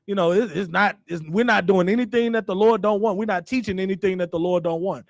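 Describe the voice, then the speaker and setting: Man, high voice, stern and emphatic religious teacher, dry close sound. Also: quick pace, dry recording. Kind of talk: scripture lesson.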